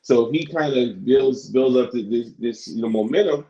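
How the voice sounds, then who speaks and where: A man's voice: mid-range voice, warm tone. Podcast guy setting up a bit, stumbly restarts, dull lo-fi audio. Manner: halting, many restarts, "you know what I'm saying". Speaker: podcast co-host. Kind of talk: casual chat.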